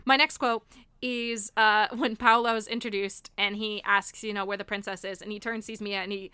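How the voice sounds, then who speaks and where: Young woman, giggly co-host, bright clear voice, close dry mic. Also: medium pitch, moderate pace, no room sound. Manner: giggly, animated, swears casually. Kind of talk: casual chat.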